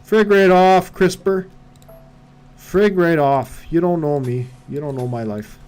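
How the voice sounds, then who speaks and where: A man's voice: a little high, a little slow, darkish tone, clear, resonant tone, pitched above the performer's own voice, natural voice. A man voicing a touchy, defensive Canadian man in a mock-grumpy put-on Canadian accent, dragging out his words. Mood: mock-indignant.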